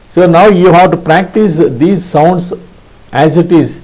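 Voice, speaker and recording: Slow guy from india walking thru morse code, lots of uh's, low mellow voice. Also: poor audio. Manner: hesitant, many fillers and restarts, sounds out dits aloud. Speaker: ham radio instructor. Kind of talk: slow spoken tutorial.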